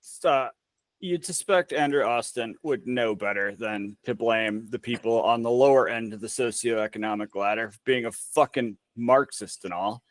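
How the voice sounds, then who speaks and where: A man's voice: medium pitch, moderate pace, dry recording. A man talking politics on a podcast in a blunt, profane, sarcastic way. His voice sits mid-range and is recorded close and dry, with no room sound. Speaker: podcast co-host. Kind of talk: casual political chat.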